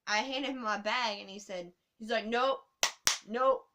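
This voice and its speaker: A woman telling a travel story to her camera in a casual, animated way, swearing often. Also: mid-range voice, normal speed, heavy background noise.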